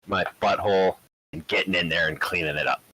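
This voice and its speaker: A man's voice: low-pitched, fairly even intonation, brisk, sharp tone, husky, dry recording, rough recording. A man playing a cat in a tabletop game, cracking crude jokes. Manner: jokey, crude banter. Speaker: player.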